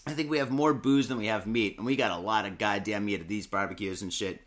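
A man's voice: lowish voice, steady tone, fast, fairly bright tone. A young man from Michigan, chatting casually as a podcast co-host, rambling and swearing constantly. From Michigan, USA. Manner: profane, rambling, heavy cursing and filler.

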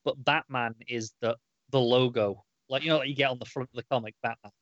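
A man in casual podcast chat recaps a comic book issue, rambling through it with fillers and restarts. His voice sits at an average pitch. The recording is dry and a little dull, like a lo-fi home setup. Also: steady tone, a little fast, fairly bright tone, no room sound. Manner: rambling, many fillers, acts out quoted lines. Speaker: podcast co-host.

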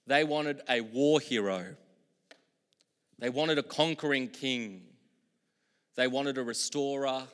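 A man preaching a sermon as pastor, moving between loud, emphatic proclamations and quiet, reflective asides. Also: medium pitch. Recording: long hall reverb.

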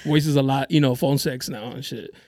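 A man's voice: mid-range voice, steady tone, brisk, a little mellow, no room sound, studio quality. A young man hosting a podcast, bantering casually in laid-back slang. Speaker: podcast host. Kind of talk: casual chat.

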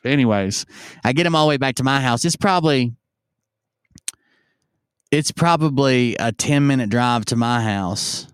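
A man's voice: mid-range voice, moderate pace, long pauses, clean tone, no room sound, clean studio sound. A man casually telling a long, profane story on stream, rambling and acting out the lines of the people in it. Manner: rambling and profane, acts out yelled quotes.

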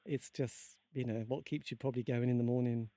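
A man's voice: mid-range voice, steady tone, a little fast, dark tone, dry recording. A man from England hosting a radio show, chatty, polite and eager. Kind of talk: radio interview and sign-off.

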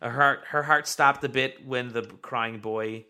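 A man's voice: mid-range voice, steady tone, moderate pace, sharp tone, clean tone. A man hosting a podcast, chatting casually and reading out listener comments with plenty of fillers. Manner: rambling, reads listener comments aloud. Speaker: podcast host.

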